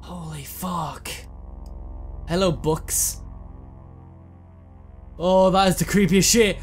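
A man's voice: sits high, slow pace, long pauses, soft background music. A man giving nervous, swearing commentary while playing a horror game, often repeating words in panic. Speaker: let's play gamer.

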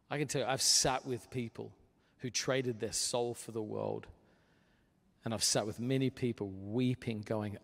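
A man preaching a sermon as pastor, earnest and conversational, building to forceful emphasis. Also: mid-range voice, vocal fry. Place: church sanctuary. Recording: long reverb of a large hall.

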